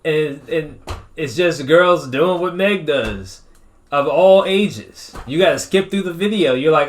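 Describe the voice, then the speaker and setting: A man co-hosting a podcast, ranting in a profane, animated casual chat. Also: fairly high pitch, a little slow. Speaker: podcast co-host.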